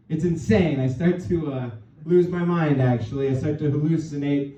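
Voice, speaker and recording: This Californian stand-up comedian has a slightly high voice with a dark tone, fairly even intonation, normal speed and few pauses. His set in a small comedy club is rambling, self-deprecating and full of fillers. The club recording is roomy, distant and dull, with slight background noise and audience laughter.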